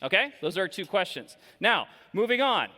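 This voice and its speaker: A man in his forties giving an energetic, interactive keynote talk from a large stage, quizzing the audience. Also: high voice, moderate pace. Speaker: keynote speaker. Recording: long hall reverb.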